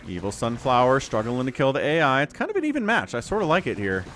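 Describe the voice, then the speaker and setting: Animated man from casting games live. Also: mid-range voice, fast talker, slight background noise. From Utah, USA. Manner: chatty and animated, answers chat between play calls, jokey. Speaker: streamer and game caster. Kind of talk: live game commentary chatting with viewers.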